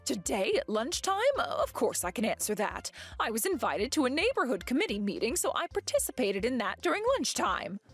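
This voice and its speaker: A woman's voice: a little high, big pitch swings, a little fast, few pauses, fairly bright tone, slightly rough, soft background music, heavily acted. A woman voicing a possessive scheming mother-in-law. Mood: defensive. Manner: defensive, indignant, manipulative.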